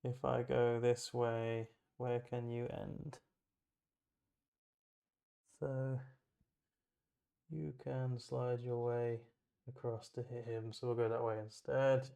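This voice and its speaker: A man's voice: medium pitch, level tone, slow, creaky, long pauses, mellow. A man playing a tabletop wargame, thinking aloud as he moves models, measures ranges and rolls dice in casual play commentary.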